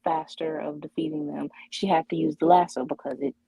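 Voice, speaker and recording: Low husky woman chatting slowly on a podcast, lots of ums, dry close sound. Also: fairly even intonation, mellow, no room sound, low-quality recording. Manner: hesitant, many fillers and restarts. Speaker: podcast co-host. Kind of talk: casual chat.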